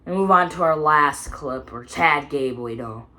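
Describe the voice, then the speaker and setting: A woman reviewing a wrestling show in a casual video, with a rambling, excitable recap full of "you know" and "like". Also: low voice, normal speed, background noise.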